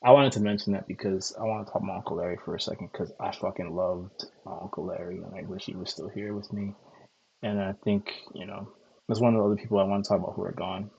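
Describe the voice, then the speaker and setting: A man's voice: sits low, fairly even intonation, fast, vocal fry, a little mellow, slightly rough, muffled recording. A man from Connecticut talking casually and at length, loose and profane, repeating himself and filling gaps with "like" and "um". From Connecticut, USA. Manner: loose, profane, repetitive storytelling with many fillers. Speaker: streamer host. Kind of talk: casual rambling monologue.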